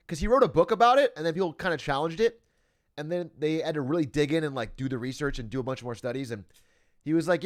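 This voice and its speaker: A young adult man talks casually to his stream chat. His pitch sits a touch high and swings widely as he laughs and swears his way through his thoughts. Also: fast talker. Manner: animated, laughing, swears often, reads out chat.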